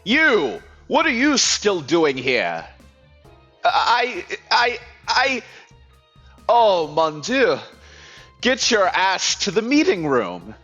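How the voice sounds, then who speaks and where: A man's voice: sits high, huge pitch swings, extremely slow, bright, forceful tone, lo-fi sound, soft background music, pitched above the performer's own voice, full character voice. A man voicing a harsh, bossy male office manager with a put-on French accent, barking insults and drill chants at his staff. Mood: shouting.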